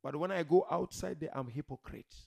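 A man preaching a religious sermon to a seated gathering, emphatic, swinging from loud declarations to quiet murmurs and addressing the listeners directly. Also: on the high side, a little fast, vocal fry. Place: gathering hall with a seated audience.

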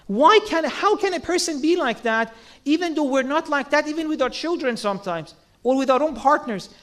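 A man's voice: very high-pitched, expressive, brisk, a bit bright. A man giving an earnest sermon, asking rhetorical questions and acting out quoted lines. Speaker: religious speaker.

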